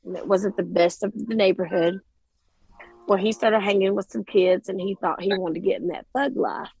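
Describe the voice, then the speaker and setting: A woman's voice: mid-range voice, steady tone, moderate pace, vocal fry, darkish tone, husky, no room sound, poor audio. A woman in her forties, from Oklahoma, telling a personal story in a plainspoken, direct way. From Oklahoma, USA. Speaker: guest, mother.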